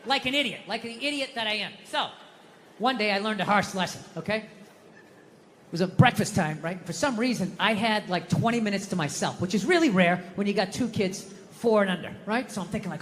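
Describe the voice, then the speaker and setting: A middle-aged man telling a stand-up story in a bright, forceful voice, profane and ranting, breaking into shouts. His voice rings with long hall reverb from a large live venue, over a faint hiss of background noise. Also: high voice, lively intonation, fairly quick. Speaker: stand-up comedian.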